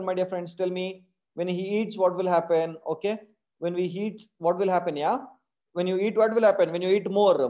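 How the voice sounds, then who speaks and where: Indian English male coding tutor, online class; warm higher voice, keeps checking the class with repeated tag questions. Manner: calls his class "my dear friends". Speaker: programming teacher.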